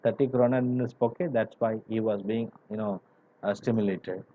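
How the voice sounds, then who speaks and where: A man's voice: lowish voice, steady tone, moderate pace. A male teacher explaining a story line by line to his class, stopping to define words and using lots of "you know", heard in a dull, lo-fi recording. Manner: explains word by word, many "you know" fillers. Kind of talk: classroom literature lesson.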